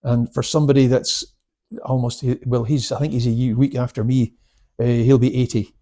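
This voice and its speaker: A man's voice: medium pitch, level tone, moderate pace, mellow. A man in his seventies, a karate instructor, telling stories in a casual interview, chatty and laughing, with many restarts. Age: 70s.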